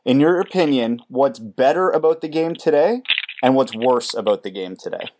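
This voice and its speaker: A man hosting a podcast, asking measured, leading interview questions. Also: mid-range voice, animated, noisy background. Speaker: podcast host.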